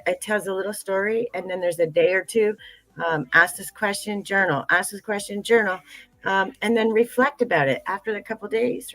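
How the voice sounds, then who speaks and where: A middle-aged woman who founded a tea business speaks earnestly as a guest in a livestream conversation, repeating phrases and using many fillers. Her voice is medium-pitched, with no room sound and poor audio quality.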